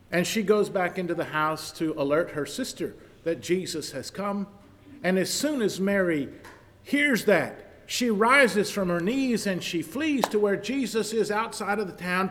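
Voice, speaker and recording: A man preaching a sermon, swinging from hushed, slow lines to loud, rising declarations. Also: on the high side. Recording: long hall reverb.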